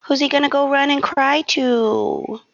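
Gravelly, sassy woman podcast co-host. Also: high-pitched, steady tone, no echo, dull audio. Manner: sassy, quick quips and asides, lots of mm-hmms. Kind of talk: casual chat.

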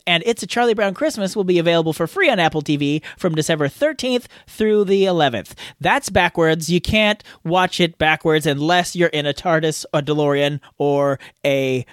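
A man's voice: a little high, moderate pace, hardly any pauses, a bit bright, smooth, no room sound, studio quality. A man co-hosting a podcast, rambling goofily through his own outtakes and mocking himself. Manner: goofy, self-mocking, rambling. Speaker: podcast co-host.

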